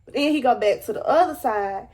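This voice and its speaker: A young woman telling a dramatic storytime to her viewers, animated and emphatic. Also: on the high side, a little fast. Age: young adult. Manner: animated, dramatic retelling with rising squeals. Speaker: storyteller vlogger. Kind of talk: storytime vlog.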